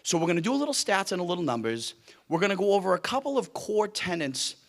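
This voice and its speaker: A man's voice: high-pitched, very animated, quick pace. A middle-aged man from Cape Cod with a Boston accent, who drops his R's, giving a joking, self-deprecating keynote at a luncheon. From Cape Cod, Massachusetts. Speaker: guest speaker. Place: luncheon hall with audience.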